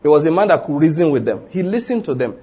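A man's voice: a little high, big pitch swings, fast, warm tone, slightly rough. A man with a Nigerian accent preaching a sermon, emphatic and full of rhetorical questions, acting out the people in his story.

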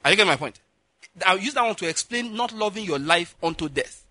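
A man's voice: sits high, fast, no room sound. A man from Nigeria preaching, telling a personal story with lots of acted-out dialogue and frequent laughter. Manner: animated storyteller, acts out dialogue, laughs often. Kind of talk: sermon storytelling.

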